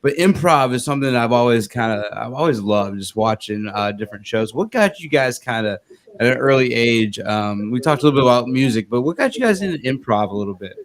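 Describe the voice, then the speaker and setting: A man's voice: medium pitch, animated, quick pace. Laid-back male podcast host. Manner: laid-back, says "man" and "dude" often. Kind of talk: casual chat.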